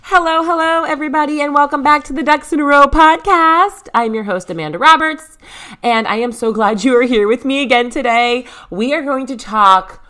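A woman's voice: high-pitched, moderate pace, pushed and bright. Upbeat woman podcast host, thirties, casual and chatty, easy laughs, podcast mic at home. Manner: bubbly and chatty, laughs often. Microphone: podcast microphone.

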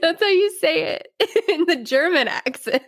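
A woman's voice: very high voice, expressive, slow pace, no echo, studio quality. A young woman with a Southern American accent, co-hosting a casual podcast chat and laughing easily. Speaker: podcast co-host.

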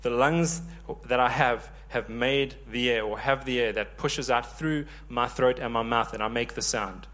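A man in his thirties preaching a sermon, lively and joking with the congregation. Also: mid-range voice, unhurried, hardly any pauses. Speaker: pastor.

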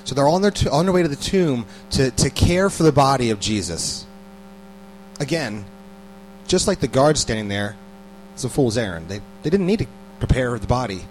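A male preacher and parent, with a mid-range voice that swings widely in pitch, speaks at normal speed over faint background music on a low-quality recording. His sermon is casual and conversational, full of repeated words and questions aimed at listeners.

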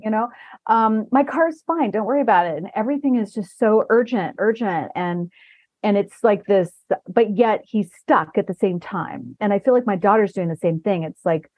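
A woman's voice: medium pitch, moderate pace, darkish tone, no room sound. A woman podcast host telling rambling anecdotes in a casual chat, often laughing as she talks. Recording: dull dry lo-fi recording.

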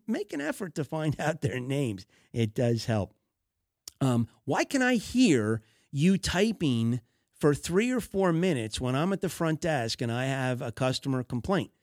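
A man's voice: a little high, darkish tone, no room sound, clean studio sound. A man hosting a business advice podcast, talking conversationally with fillers and restarts, exasperated about poor customer service. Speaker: podcast host.

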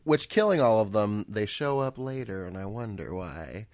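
A man co-hosting a casual gaming podcast, animated and incredulous, often laughing and swearing. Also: fairly low pitch, moderate pace, no echo. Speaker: podcast co-host.

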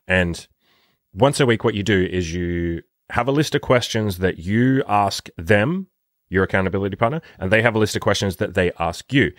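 Profane, rambling low-voiced man. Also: no echo, clean studio sound. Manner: blunt, profane, rambling with many fillers. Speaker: dating coach. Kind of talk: casual vlog monologue.

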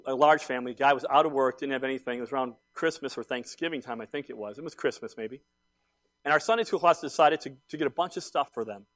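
High-voiced preaching man, animated storyteller. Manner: animated, emphatic, swings from quiet asides to loud outbursts. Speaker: pastor. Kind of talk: sermon with personal storytelling.

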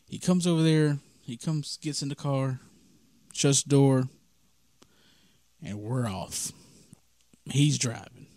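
A man tells a story in a relaxed, conversational way, acting out each line of dialogue. His pitch sits in the middle and the sound is dry and close. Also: no room sound. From Mississippi, USA. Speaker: podcast host. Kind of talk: casual storytelling.

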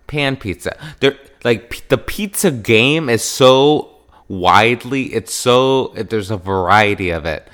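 A man from Wisconsin hosting a podcast, talking in an animated, emphatic casual monologue and acting out quoted exchanges. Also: medium pitch, slow pace. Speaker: podcast host.

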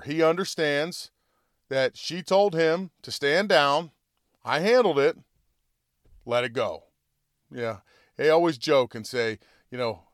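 A man's voice: medium pitch, no room sound, clean studio sound. A man hosting his own commentary show, talking casually to listeners and retelling a film scene in a conversational, storytelling way with chuckles and asides. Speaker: political commentary host. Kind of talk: casual monologue.

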